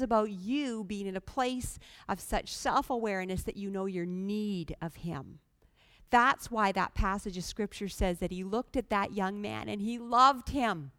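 A woman's voice: mid-range voice, unhurried, a bit bright, no echo. A woman preaching a sermon, earnest and pleading, talking plainly to the congregation with sudden emphatic rises. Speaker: guest preacher.

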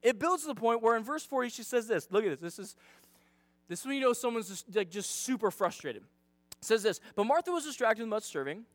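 Male youth pastor, casual sermon, high voice, dry close sound. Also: animated, fairly quick, no room sound. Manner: chatty, dramatizing, self-deprecating.

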